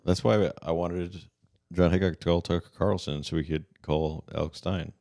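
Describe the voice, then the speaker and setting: Male podcast co-host, extremely low voice, rambling jokey banter. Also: fairly even intonation, normal speed, gravelly, warm tone. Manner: rambling, jokey, frequent restarts. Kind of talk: casual comedy chat.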